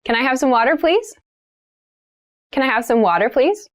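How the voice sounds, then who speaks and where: A woman's voice: high voice, very animated, normal speed, pauses often. A woman teaching English vocabulary, saying each word and example sentence three times and then explaining it plainly. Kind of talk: slow, clear vocabulary lesson with repeated words.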